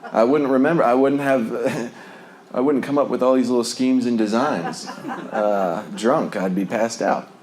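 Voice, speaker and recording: A man's voice: mid-range voice, measured pace, noisy background. A man sharing a personal recovery testimony in a conversational, rambling way, full of fillers and small laughs. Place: Lubbock, Texas.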